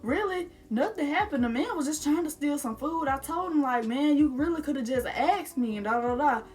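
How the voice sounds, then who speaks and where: A woman's voice: sits high, animated, a little fast, darkish tone, soft background music, pitched above the performer's own voice. A woman doing an offhand, apologetic dad. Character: apologetic, casual father, adult man.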